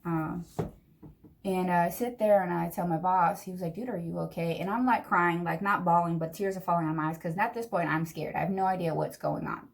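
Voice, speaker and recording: A young woman telling a long personal story in a chatty, animated way while doing her makeup. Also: on the low side, fairly quick, creaky. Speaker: vlogger. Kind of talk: get-ready-with-me storytime.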